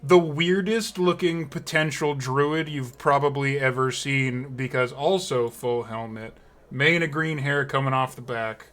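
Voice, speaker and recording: A man running a tabletop game as game master, with a bright, forward voice. He describes the scene in a rambling way, full of fillers and restarts. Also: medium pitch, steady tone, measured pace.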